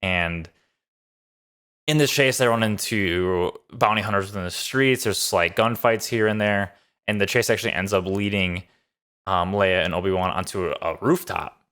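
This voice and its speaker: Deep-voiced guy gushing through an episode recap, lots of likes and ums. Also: moderate pace, a bit bright. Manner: enthusiastic, loose with many fillers. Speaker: show reviewer. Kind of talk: casual recap and review.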